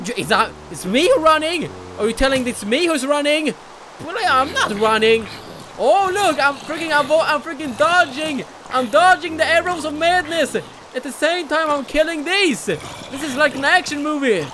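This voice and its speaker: Excitable young gamer with lively pitch. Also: normal speed, slight background noise, poor audio. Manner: excitable, loud outbursts and mock bravado; swears casually. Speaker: gaming YouTuber. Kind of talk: let's play commentary.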